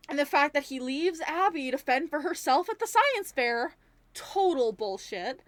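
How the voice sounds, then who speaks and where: A young woman giving a casual movie review, animated and rambling, swearing freely as she rants. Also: high voice, fairly quick, no room sound. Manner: rambling, many fillers.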